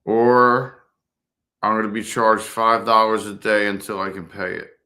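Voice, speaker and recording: A man's voice: fairly low pitch, fairly even intonation, measured pace, bright, forceful tone. Profane rambling man in his fifties. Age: 50s. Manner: profane, rambling, acts out other people in a raised voice. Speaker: motovlogger livestreaming to viewers. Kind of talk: casual livestream chat.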